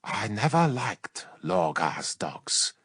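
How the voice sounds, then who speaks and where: A man voicing a cold male warrior-psyker with a strange accent, speaking slowly, low and with quiet menace. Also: very animated, no echo, studio quality, full character voice.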